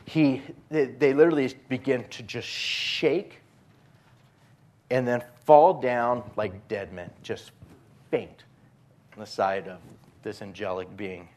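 A man's voice: medium pitch, steady tone, takes it slowly, pauses often, darkish tone. A male pastor preaching a sermon in a conversational storytelling way, acting out the quotes.

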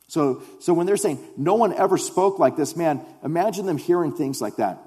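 A man preaching a sermon with passion, swinging from loud emphatic stretches to quiet, low passages. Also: animated, moderate pace, hardly any pauses. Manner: impassioned, rising to loud emphatic stretches, then dropping quiet. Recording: long hall reverb.

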